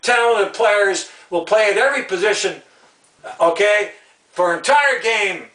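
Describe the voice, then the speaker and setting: A man from Canada delivers a furious solo rant, piling up repeated phrases and stammering as he restarts. His voice sits high. He sounds a little back from the mic in an echoey room. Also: unhurried, pushed and bright, distant mic. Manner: angry, repetitive, stammering restarts. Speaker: video ranter about football rules. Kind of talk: heated solo rant video.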